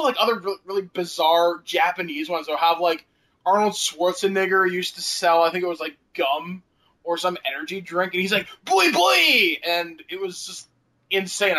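A man with a high, bright voice talks loosely on a podcast. He rambles through anecdotes, drops casual swears and laughs between lines. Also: fairly quick, rough recording. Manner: chatty, laughs often, swears casually, many fillers.

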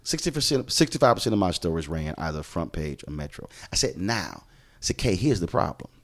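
Deep-voiced, animated middle-aged man. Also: a little fast. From Houston, Texas. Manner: animated, emphatic, acts out quoted dialogue. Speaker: journalist and show host, podcast guest. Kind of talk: conversational storytelling.

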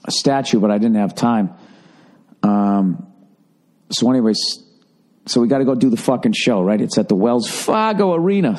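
A man's voice: lowish voice, a little mellow. A middle-aged man hosting his podcast, telling a rambling, profane comic story and mocking himself along the way. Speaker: comedian and podcast host.

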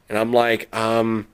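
A man's voice: lowish voice, clear, resonant tone. A man co-hosting a podcast, telling a long rambling story with lots of restarts and quoted asides. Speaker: podcast co-host. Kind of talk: casual chat.

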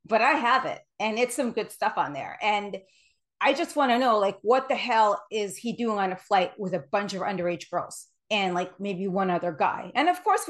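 Woman host getting all amped up, kinda high voice. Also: fairly bright tone. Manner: amped-up, emphatic. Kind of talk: casual interview.

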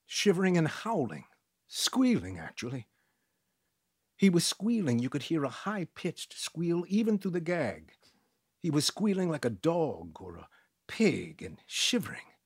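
Husky guy reading a story aloud, lively up and down pitch, dry close sound. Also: no echo. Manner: expressive storytelling. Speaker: audiobook narrator. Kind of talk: scripted first-person narration.

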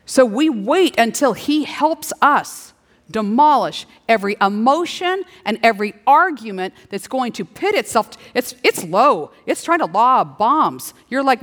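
A middle-aged woman preaching a sermon, playful and animated, slipping into little acted-out dialogues. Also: fairly high pitch, a little slow. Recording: long hall reverb.

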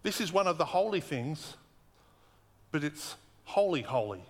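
A man preaching a sermon earnestly, slowing down and repeating words for emphasis. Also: fairly high pitch, sing-song, big-room sound. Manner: earnest, emphatic repetition, slows for weight.

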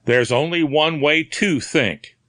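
A man's voice: fairly high pitch, takes it slowly, fairly bright tone, no echo, clean studio sound, pitched above the performer's own voice. A man voicing a stubborn newspaper reporter in a storybook reading. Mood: insistent.

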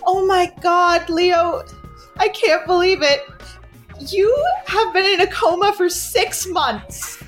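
A woman's voice: very high voice, fairly even intonation, slow, soft background music, voice pushed up. A woman playing a teasing young woman who loves dramatic pranks on her brother. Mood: melodramatic. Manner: playful, overly dramatic.

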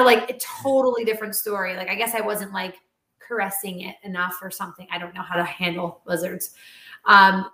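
A woman who trains dogs and animal talent, telling a story in a casual interview with animated, chatty energy and lots of "like.". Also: mid-range voice. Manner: animated, chatty, heavy use of "like". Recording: roomy echo.

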